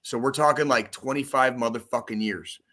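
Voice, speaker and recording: A man co-hosting a loose podcast chat, his voice bright and forceful. He rants about football in a profane, rambling, excitable way, piling on swear words as he goes. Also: medium pitch, a little fast. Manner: profane, excitable, rambling sports-fan rant. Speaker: podcast co-host. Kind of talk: casual chat.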